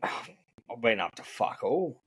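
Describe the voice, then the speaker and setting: A man's voice: mid-range voice, sing-song, takes it slowly, fairly bright tone, husky, no echo. A man, a podcast co-host and business owner, complaining sarcastically in casual chat.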